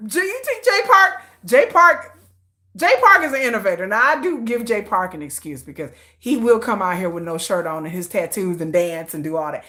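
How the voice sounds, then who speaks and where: A woman hosting a casual livestream, animated and slangy, laughing often. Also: mid-range voice, normal speed. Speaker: livestream host.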